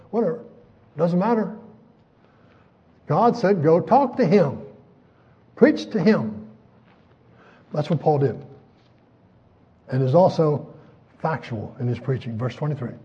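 An older man preaching a folksy sermon, chuckling often and acting out the voices in the passages he quotes. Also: fairly high pitch. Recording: dull lo-fi recording.

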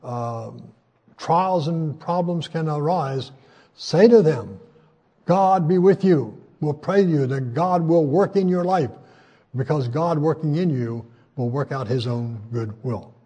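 An older man preaching a sermon in a folksy, conversational way, pausing often with fillers and raising his voice when he quotes scripture. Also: on the high side, warm tone, husky, muffled recording. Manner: folksy, conversational, frequent hesitations; voice rises when quoting scripture.

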